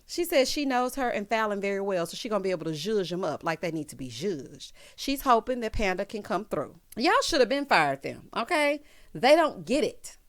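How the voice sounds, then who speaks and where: A woman giving a casual recap of a reality show, with sassy asides and loud bursts of laughter. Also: medium pitch, very animated, moderate pace. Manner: reads out quotes in other voices.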